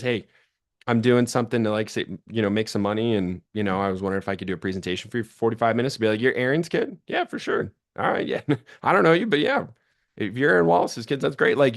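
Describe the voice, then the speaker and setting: A young man runs a motivational sales training session, speaking to a live audience. He tells stories in a lively, casual way and slips into the voices of the people he quotes. His voice sits at an ordinary pitch. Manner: animated storytelling, acts out quoted voices.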